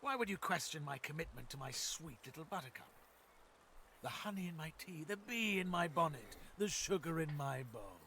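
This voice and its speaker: A man's voice: on the high side, lively intonation, moderate pace, sharp tone, slight background noise. An actor playing a scheming, greedy male dwarf merchant in a video game, speaking in a sly, smug, theatrical way. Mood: mock-offended. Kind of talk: game dialogue.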